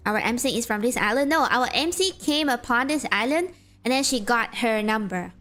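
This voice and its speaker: A woman's voice: fairly high pitch, expressive, moderate pace, fairly bright tone. A woman streaming a game, rambling and thinking aloud as she plays and reads the on-screen text. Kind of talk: casual gameplay commentary, reading game text aloud.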